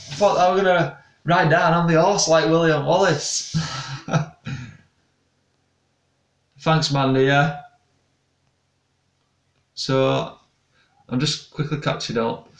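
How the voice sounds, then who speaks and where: Young man, gravelly, rambling live chat, echoey room, distant mic. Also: medium pitch. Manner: rambling, chatty, restarts often. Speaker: paranormal investigator and channel host. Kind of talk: casual live-stream chat reading comments.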